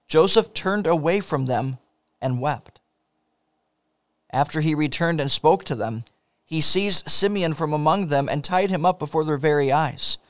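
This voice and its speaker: A man narrates scripture in a steady, measured read. His voice sits a little high, and the recording is close and dry with no room sound. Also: no room sound. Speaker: scripture reader. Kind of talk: scripture reading.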